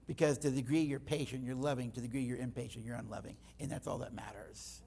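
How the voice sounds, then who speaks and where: A man's voice: medium pitch, fast, vocal fry, slightly rough. A middle-aged man speaking in church, telling stories and acting out the dialogue. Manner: animated storytelling, acting out dialogue. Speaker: guest speaker. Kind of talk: church teaching talk.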